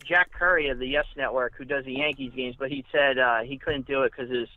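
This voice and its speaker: A man's voice: mid-range voice, fairly even intonation, brisk, no echo. Male guest on a dull, dry line. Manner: rambling with restarts. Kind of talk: casual phone interview.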